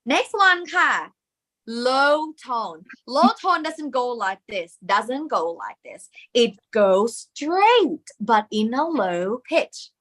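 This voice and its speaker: A woman teacher with a Thai accent speaks very slowly and patiently. Her voice is bright and fairly high, and she sounds out each example for the class. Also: big pitch swings. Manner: slow, patient, demonstrating tones aloud. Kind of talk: classroom lesson.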